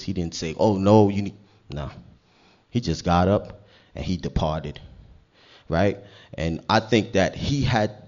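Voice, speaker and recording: Low-voiced man preaching a sermon. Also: lo-fi sound. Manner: conversational preaching, building to loud emphatic scripture reading.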